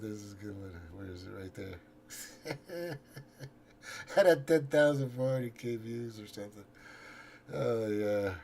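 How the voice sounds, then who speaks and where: A man's voice: medium pitch, a little mellow, slight background noise. A man hosting his own show, rambling through a profane casual political rant while scrolling and reading out his posts. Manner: frequent restarts and trailing off. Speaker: show host.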